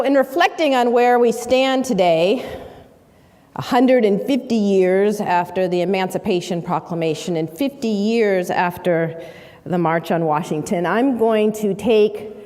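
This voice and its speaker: Woman public speaker, measured formal delivery, reverberant hall. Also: medium pitch, a little mellow. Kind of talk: prepared speech.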